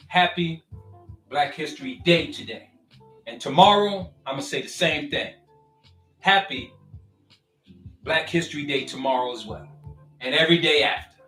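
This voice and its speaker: A man giving a casual, preachy motivational talk to his online followers. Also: fairly high pitch. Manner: preachy and animated, with call-and-response asides. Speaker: vlogger talking to his followers. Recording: roomy and distant, faint music behind.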